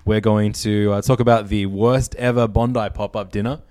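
A man's voice: on the low side, steady tone, normal speed, a little mellow, no room sound, clean studio sound. A man co-hosting a food podcast, talking in a rambling, profane way and laughing often. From Australia. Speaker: podcast co-host. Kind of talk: casual podcast chat.

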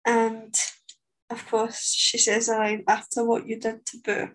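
A woman's voice: on the high side, completely flat delivery, a little slow, poor audio. A woman co-hosting a podcast, chatting casually with wry, offhand asides. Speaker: podcast co-host. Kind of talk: casual chat.

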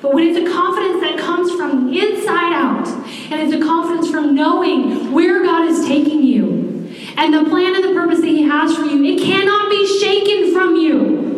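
A woman in her forties preaching a sermon, talking candidly and conversationally with personal asides. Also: extremely high pitch. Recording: echoey hall from far off.

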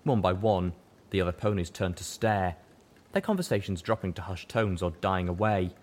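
A man narrating a fan fiction audiobook with expressive storytelling. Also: deep voice, normal speed.

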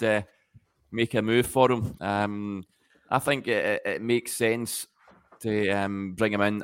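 Man, low voice, measured, football analysis. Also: clean tone. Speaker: podcast panelist.

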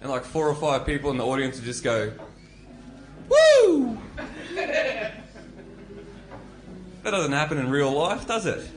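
A man's voice: medium pitch, fast, hardly any pauses, fairly bright tone. A man performing a stand-up set. He delivers wry, observational material with rising quips. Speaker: stand-up comedian. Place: comedy club stage.

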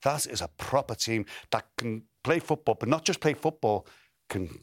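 A man's voice: mid-range voice, expressive, moderate pace, no echo, clean studio sound. An older man, telling football stories in an interview, often repeating and restarting words. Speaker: interview guest, former footballer. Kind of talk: relaxed storytelling interview.

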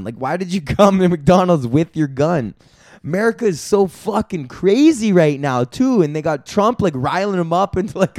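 A man's voice: on the high side, a little mellow, no room sound, studio quality. A man hosting a solo comedy podcast, ranting profanely and rambling with laughs along the way. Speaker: podcast host.

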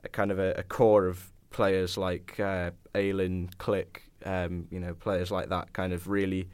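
A man's voice: sits low, little pitch movement, unhurried, a little mellow, clear, resonant tone, dry recording. A man talking football on a casual podcast, hesitant and full of "kind of" and "you know".

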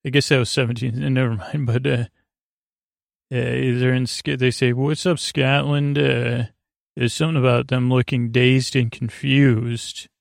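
A man hosting a sleep podcast, recapping an episode in a halting, rambling way with many fillers and restarts. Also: mid-range voice, flat delivery, vocal fry, dry recording, studio quality. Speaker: podcast host.

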